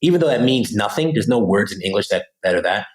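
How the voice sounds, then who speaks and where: An American man, a guest on a podcast, explaining his method in a lively, casual way and often checking in with "right?". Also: fairly low pitch, fast talker, poor audio. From United States. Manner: animated, lively teaching, keeps checking in with "right?"; casual slangy delivery with many "like" fillers. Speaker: podcast guest, language coach.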